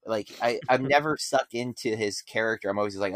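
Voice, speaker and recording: A man's voice: lowish voice, brisk, no echo, studio quality. A man chatting casually in a film review, enthusiastic and rambling with many restarts.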